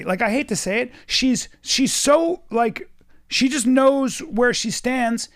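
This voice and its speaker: High-voiced man telling animated stories. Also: slow pace. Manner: animated, swears a lot, acts out quotes. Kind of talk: casual chat, storytelling.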